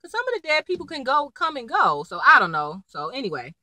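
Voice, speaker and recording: A young woman with a high, very bright voice chats through a TV episode recap. She is slangy and animated and acts out the characters' lines, and her pitch swings all over. The sound is dry and close. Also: fast talker, no echo, rough recording. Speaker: TV episode reviewer. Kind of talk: casual chatty recap.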